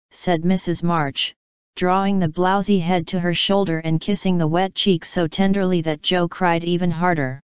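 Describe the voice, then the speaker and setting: Smooth low-voiced woman narrating a classic. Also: fairly even intonation, moderate pace, dry recording, dull audio. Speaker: audiobook narrator. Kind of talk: scripted storybook narration.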